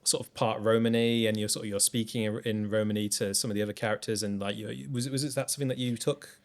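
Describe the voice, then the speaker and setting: A man's voice: fairly low pitch, steady tone, fast. A man hosting a podcast, asking enthusiastic, rambling questions. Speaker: podcast host. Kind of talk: casual interview questions.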